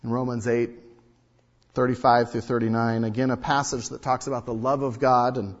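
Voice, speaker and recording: A man preaching a sermon as pastor, reading scripture aloud and repeating key phrases, swinging from quiet to loud. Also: medium pitch, flat delivery, moderate pace. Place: church sanctuary. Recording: long reverb, dull lo-fi sound.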